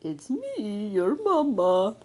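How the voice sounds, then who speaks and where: Woman doing a low, soothing mama walrus. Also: huge pitch swings, a little mellow, full character voice. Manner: slow and soothing. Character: gentle, low-voiced mother walrus.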